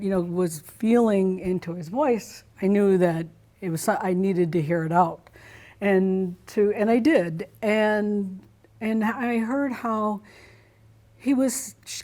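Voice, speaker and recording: A middle-aged woman speaks as an interview guest, telling a personal story. Her voice sits at an ordinary pitch for a woman. She is expressive and animated, acting out her own reactions as she goes.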